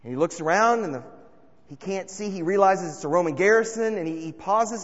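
A man preaching a sermon, telling stories and swinging between loud calls and hushed asides. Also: on the high side, animated, fast, long reverb tail, muffled recording. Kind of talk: sermon with storytelling.

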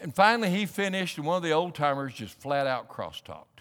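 A man preaching a sermon as a pastor, animated and building up to emphatic, pressing questions. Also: on the high side, fairly quick, in a large hall. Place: church sanctuary.

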